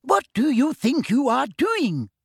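A man's voice: extremely high pitch, huge pitch swings, takes it slowly, gravelly, slightly rough, dry recording, clean studio sound, pitched above the performer's own voice, exaggerated voice. A man voicing a shriveled old female librarian who shrieks in fury. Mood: furious. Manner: shrieking, raging.

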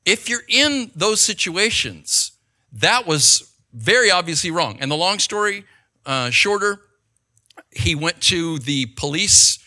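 A man's voice: high voice, takes it slowly. A middle-aged man talking in a conversational monologue, telling stories with animation and often checking in with the listener. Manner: animated storytelling, rhetorical check-ins with the listener. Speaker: speaker giving advice.

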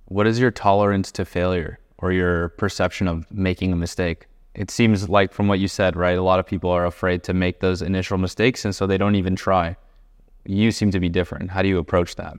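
Male podcast host, lowish voice, smooth and resonant, measured questioning. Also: level tone. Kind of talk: interview questions.

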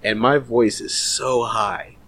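A man's voice: mid-range voice, steady tone, takes it slowly, fairly bright tone, slight background noise. A man co-hosting a casual podcast, laughing often and swearing freely. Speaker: podcast co-host.

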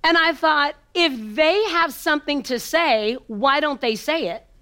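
A woman motivational speaker recounts a personal story in a fairly high voice. She takes her time, leaning on repetition and dramatic pauses. At tender moments she sinks to a hushed near-whisper. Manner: emphatic, repetitive rhythm.

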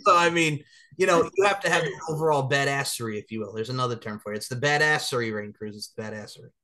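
A man's voice: medium pitch, fast talker, sharp tone. A man hosting a casual interview, enthusiastic and emphatic, prone to laughing digressions. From Long Island, New York.

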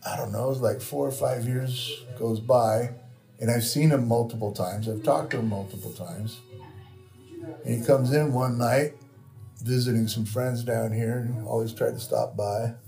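Male guest, Californian accent, gravelly, profane storyteller who mimics others; light music bed. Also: medium pitch. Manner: swears freely, animated impressions of others. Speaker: tattoo shop owner, guest. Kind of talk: casual storytelling.

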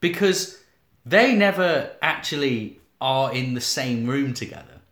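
A man's voice: mid-range voice, lively intonation, a little slow, a bit bright. A man co-hosting a comedy podcast in casual chat, throwing in quizzical, joking questions. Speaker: podcast co-host. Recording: roomy echo.

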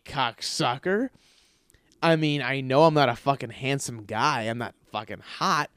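A man's voice: on the high side, no echo, studio quality. A man hosting a podcast, telling a long story casually with lots of swearing and fillers, acting out the lines of the people in it. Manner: profane, rambling, filler-heavy; acts out quoted dialogue. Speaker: podcast host.

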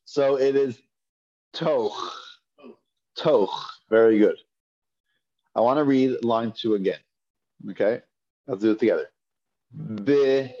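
A man's voice: mid-range voice, moderate pace, pauses often, warm tone. A man teaching a Hebrew reading class, patiently sounding out syllables for students to repeat and often restarting his phrases. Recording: dull lo-fi class recording.

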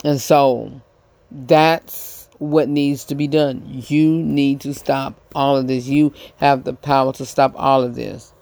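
A man hosting a podcast, giving a casual commentary monologue, halting and repeating himself with many fillers. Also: medium pitch, level tone, vocal fry, darkish tone. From United States. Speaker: podcast host.

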